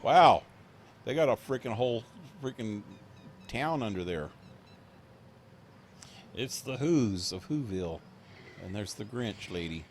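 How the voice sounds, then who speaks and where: Deep, slow-talking man joking through gameplay. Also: expressive, darkish tone, a little hiss or hum. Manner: joking, crude wisecracks while playing. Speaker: streamer. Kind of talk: casual gameplay commentary.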